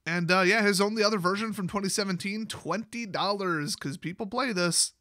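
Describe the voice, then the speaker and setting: Male reviewer, higher voice, snarky casual commentary. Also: fairly quick, bright, forceful tone, no room sound, clean studio sound. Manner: sarcastic, joking asides. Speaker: card game spoiler reviewer.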